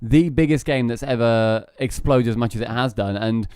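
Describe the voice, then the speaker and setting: Co-host, man, enthusiastic casual chat, smooth clear voice, dry sound. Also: mid-range voice, normal speed, a little mellow, no room sound.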